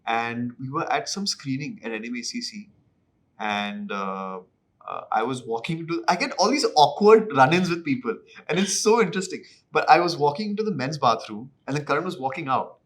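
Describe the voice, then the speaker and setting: A man, an actor telling anecdotes in an interview in an animated, self-deprecating way. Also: mid-range voice, a little fast. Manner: animated, acts out dialogue in other voices; self-deprecating, mixes in Hindi phrases. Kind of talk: anecdotal storytelling.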